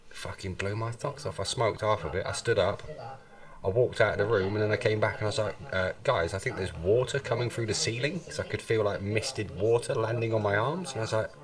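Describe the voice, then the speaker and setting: A man chatting casually, rambling through sweary stories. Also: sits low. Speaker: live stream participant. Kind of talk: casual chat. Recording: distant mic with crowd noise.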